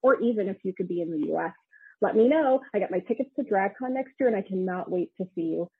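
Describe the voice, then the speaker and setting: A woman's voice: medium pitch, lively intonation, fast, slightly rough, no room sound. A woman from the United States leaving a friendly, eager voicemail for a podcast. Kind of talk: voicemail message. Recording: dry tinny phone voicemail.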